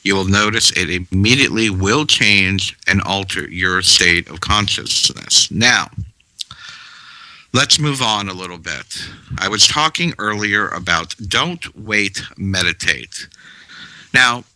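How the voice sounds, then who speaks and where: Slow, deep-voiced man teaching meditation. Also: dry recording, rough recording. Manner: calm, measured, guiding with pauses. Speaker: spiritual teacher.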